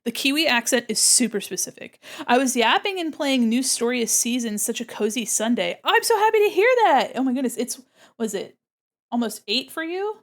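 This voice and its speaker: A woman's voice: fairly high pitch, moderate pace. Bubbly woman streamer chatting with viewers. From United States. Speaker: streamer and illustrator. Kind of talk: casual live-stream chat while drawing.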